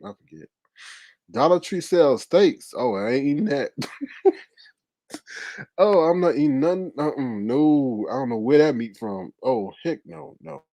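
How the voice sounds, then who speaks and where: Animated, lively-voiced male stream host. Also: mid-range voice, measured pace, pauses often, no room sound. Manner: animated, laughing, exclaiming. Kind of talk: casual live stream chat.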